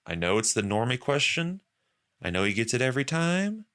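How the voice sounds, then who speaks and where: A man's voice: lowish voice, big pitch swings, moderate pace, a bit bright. A young man hosting a podcast, chatting casually and profanely and acting out quoted voices. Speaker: podcast host.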